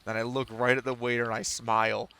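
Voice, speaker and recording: A man's voice: mid-range voice, level tone, fast talker, sharp tone, smooth. A man chatting casually with his viewers while he streams a game, telling rambling stories that amuse him. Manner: rambling, self-amused storytelling.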